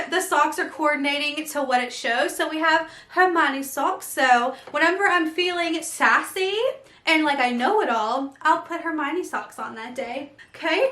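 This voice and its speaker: Bright, gushing woman vlogger. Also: high-pitched, echoey room. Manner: gushing, excitable, many fillers. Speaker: vlogger unboxing an advent calendar. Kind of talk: casual unboxing chat.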